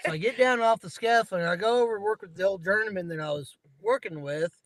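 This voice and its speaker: A man's voice: high voice, quick pace, a bit bright, no echo, poor audio. A man telling rambling work stories in casual chat, laughing at himself.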